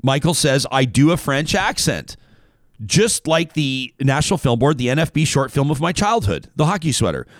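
A man's voice: fairly high pitch, big pitch swings, moderate pace, dry recording, studio quality. A man hosting a casual talk show, reading out a listener email and wandering off on tangents.

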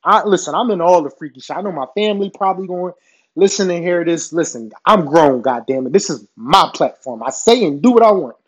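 A man telling a crude personal story in a casual, animated way, laughing often and swearing freely. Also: on the high side, fast talker, few pauses, husky.

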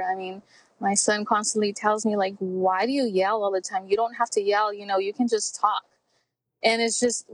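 A woman in her forties speaking candidly as an interview guest, heartfelt and reflective, pausing often with fillers. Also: mid-range voice, dry recording, rough recording. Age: 40s. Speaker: podcast guest.

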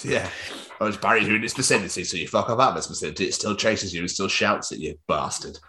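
A British man with a low voice trades sweary, jokey banter as a podcast host. His delivery is loose and casual. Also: quick pace, pushed and bright. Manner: sweary, jokey, laughs often.

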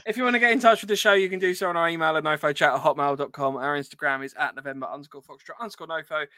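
A man's voice: fairly high pitch, rapid-fire, pushed and bright, no echo, studio quality. A British man hosting a casual podcast, politely running the show and reading out the contact details. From United Kingdom. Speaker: podcast host.

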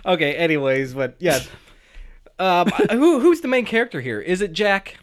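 A man hosts a casual movie review show in an easygoing, rambling way. His voice sits a bit high for a man, and he chuckles often as he goes. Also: big pitch swings, moderate pace. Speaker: podcast host.

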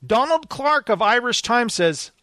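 A man's voice: very high-pitched, very animated, a little slow, pushed and bright, dry recording, clean studio sound. A man co-hosting a podcast, reading out reviews in a jokey way and laughing often. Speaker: podcast co-host.

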